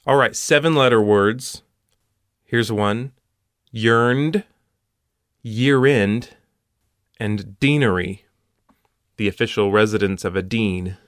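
A man's voice: fairly low pitch, takes it slowly, pauses often, no echo. A man hosting a puzzle show, walking through solutions step by step with dry punning asides.

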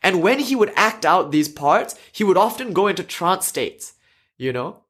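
A man's voice: sits high, very animated, normal speed, a bit bright, husky. A man giving a conversational lecture, telling a story earnestly with asides and fillers.

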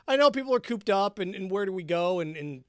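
A man's voice: high-pitched, lively intonation, a little fast, clear, resonant tone, no room sound. A man hosting a podcast, chatting casually and jokingly while mixing a drink, humming along as he goes. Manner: jokey and rambling, hums and sings along. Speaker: podcast host.

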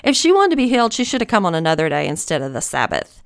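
A woman's voice: fairly low pitch, huge pitch swings, fast, vocal fry, exaggerated voice. A woman voicing a scolding religious critic in a put-on Southern US accent. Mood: indignant.

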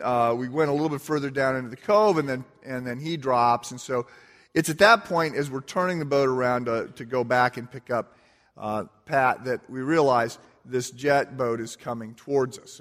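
A pastor preaching a sermon, with conversational storytelling and self-deprecating humor. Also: male voice, medium pitch, normal speed, fairly bright tone. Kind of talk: sermon opening with a personal story. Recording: long reverb of a large hall.

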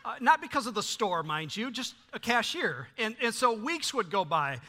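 A middle-aged man preaching from the pulpit, his voice sitting fairly high and sounding very bright and forceful. He tells stories in a lively way, stumbling through fillers and restarts as he goes. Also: moderate pace. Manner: animated storytelling with frequent fillers and restarts. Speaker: pastor. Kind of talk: sermon.

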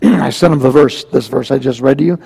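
A man's voice: mid-range voice, brisk, gravelly, warm tone, slightly rough. A male pastor preaching a verse-by-verse sermon in a conversational, emphatic way, often asking the congregation questions. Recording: long reverb from a large hall.

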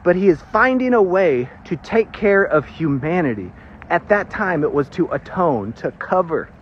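A man preaching a sermon, animated and prone to nervous giggling as he explains scripture. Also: high-pitched, moderate pace, a little hiss or hum. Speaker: pastor. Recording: dull lo-fi recording.

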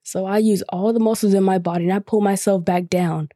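A woman's voice: medium pitch, steady tone, fairly quick, warm tone, dry recording, studio quality. A woman podcast host telling a personal story in a rambling, casual way, full of fillers and the odd swear.

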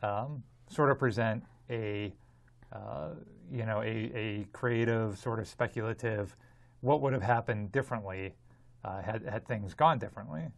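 A man co-hosts a casual podcast and sets up the episode. He speaks in a mid-pitched voice, stumbling and restarting words as he explains. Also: measured pace, vocal fry. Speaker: podcast co-host.

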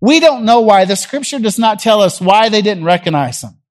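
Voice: medium pitch, lively intonation, normal speed, darkish tone. Preacher telling a Bible story. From Jackson, Tennessee. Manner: conversational storytelling, acts out the people in the passage. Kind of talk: sermon.

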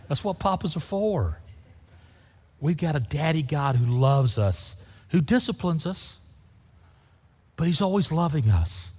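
A man's voice: medium pitch, expressive, normal speed, slightly rough. Fervent older male pastor in a reverberant hall. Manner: fervent, swings from loud to soft. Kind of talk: sermon.

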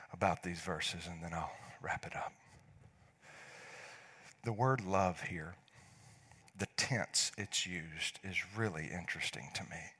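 A middle-aged man preaching a sermon as pastor, moving between hushed, near-whispered lines and loud, emphatic passages. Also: low-pitched, breathy edge.

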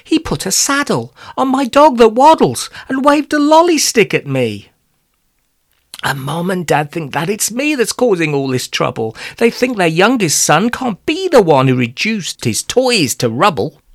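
A man's voice: high voice, sing-song, unhurried, dry recording, clean studio sound, voice pushed up, exaggerated voice. A man voicing a worried young schoolboy in a storybook reading. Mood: anxious. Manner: anxious, desperate.

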